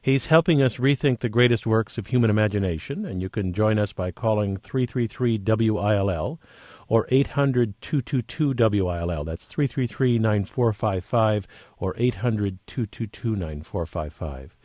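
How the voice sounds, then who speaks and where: A man hosting a radio interview, smoothly giving call-in numbers and quoting from a book. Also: lowish voice, normal speed, a little mellow, dry recording, studio quality. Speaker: radio show host.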